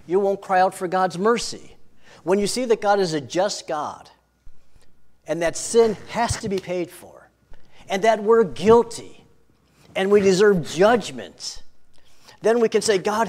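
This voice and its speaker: A male pastor preaching a sermon, telling stories and swinging from hushed lines to loud ones, repeating words for emphasis. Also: a little high.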